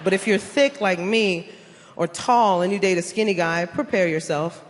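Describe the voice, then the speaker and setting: A woman's voice: mid-range voice, a little hiss or hum. A woman from the South Bronx, doing brash, teasing stand-up comedy on a big stage. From South Bronx, New York. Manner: brash, teasing, quick punchlines with playful impressions. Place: large theater stage with a live audience. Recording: stage mic with loud audience laughter.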